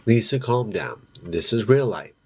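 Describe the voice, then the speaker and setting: A flustered teenage boyfriend who fusses and urges his girlfriend to lie still, as a man reads him out from a storybook. The voice is low and slow, with an anxious push behind it. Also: lively intonation, husky, heavily acted. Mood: worried. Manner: anxious, urging.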